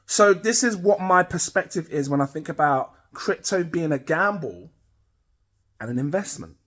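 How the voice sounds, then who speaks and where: Brief: British man, middle-aged, higher-pitched, loose and rambling host to camera. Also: lively intonation, moderate pace, a bit bright. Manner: rambling, chatty, laughs at himself. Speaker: crypto channel host. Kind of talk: casual talk to camera.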